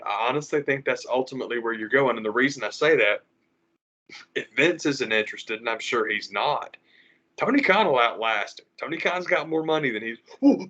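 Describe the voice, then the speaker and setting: A man, co-hosting a podcast in an animated, profane ranting way. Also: medium pitch. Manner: animated, profane ranting with mocking quoted voices. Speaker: podcast co-host. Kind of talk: casual podcast chat. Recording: slightly dull lo-fi audio.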